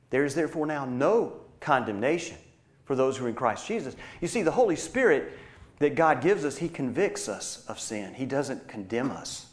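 A man preaching a sermon, earnest, moving between emphatic points and quiet, hushed lines. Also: mid-range voice, big pitch swings, moderate pace.

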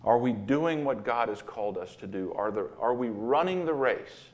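A male pastor delivers a sermon in a mid-range voice, moving between quiet reflection and emphatic repetition. His storytelling is earnest and steady. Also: medium pitch, normal speed.

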